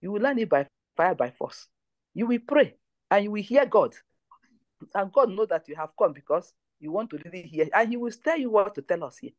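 A woman's voice: medium pitch, animated, brisk, no room sound. A woman leads a prayer line, giving testimony and exhortation in an emphatic, repetitive way. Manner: emphatic, repeats phrases.

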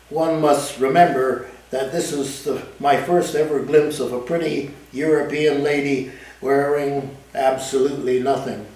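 A man reading aloud from his own novel in the first person, with lively, dramatic storytelling at a café event. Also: fairly high pitch. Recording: echoey room, mic at a distance.

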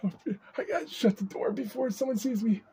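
A man's voice: very high voice, normal speed, background noise. A man talking anxiously to camera in a vlog, repeating himself and sometimes dropping into panicked whispers. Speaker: vlogger. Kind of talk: distressed vlog monologue.

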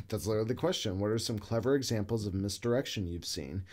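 A man co-hosting a podcast in casual chat, animated, swearing freely and laughing often. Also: lowish voice, fast talker. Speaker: podcast co-host.

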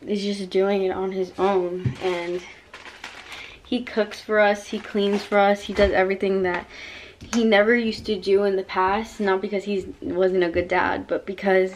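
Soft-spoken young woman, flat delivery. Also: mid-range voice, unhurried, slight background noise. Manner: soft, heartfelt and rambling. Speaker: vlogger. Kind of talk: casual chat to camera. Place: home at night, taking off makeup. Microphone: camera set down nearby.

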